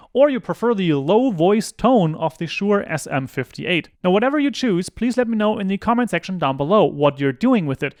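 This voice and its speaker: A man with a slightly raised speaking pitch talks through product comparisons in a steady, methodical manner. He speaks close into a handheld vocal mic, explaining each step clearly like a tech reviewer.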